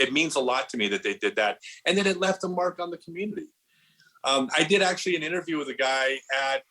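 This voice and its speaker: Bright-voiced middle-aged man telling stories. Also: medium pitch, low-quality recording. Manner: animated storyteller, lots of restarts and "like". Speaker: podcast guest, disc golf pro. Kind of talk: casual podcast chat.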